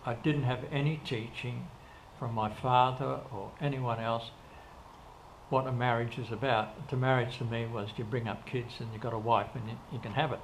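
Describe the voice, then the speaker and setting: Gravelly older man telling stories. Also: medium pitch, steady tone, normal speed. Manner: rambling, with frequent restarts and quoted dialogue. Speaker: interview guest. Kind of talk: casual storytelling in an interview. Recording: faint background noise.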